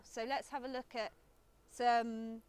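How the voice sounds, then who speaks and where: A woman giving an instructional lesson, explaining words in a careful, deliberate way. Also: a little high, flat delivery, clean tone. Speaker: language teacher.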